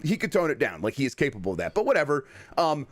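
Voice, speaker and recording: A man co-hosting a podcast in casual chat, wry and rambling, often trailing off into low mutters. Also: wildly swooping pitch, fast, no room sound. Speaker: podcast co-host.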